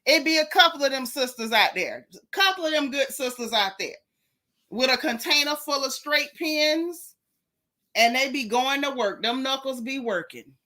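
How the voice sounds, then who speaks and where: A woman's voice: high-pitched, lively intonation, normal speed, bright, forceful tone. A woman from Florida with a Florida accent, hosting a live-stream and reading out chat comments in a sassy, blunt way, repeating her punchlines.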